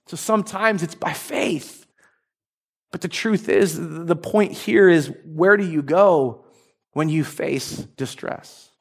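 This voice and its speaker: A male pastor preaching a sermon, acting out prayers and joking asides with lively emphasis. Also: a little high, takes it slowly, gravelly. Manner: animated, acts out prayers and asides with humor.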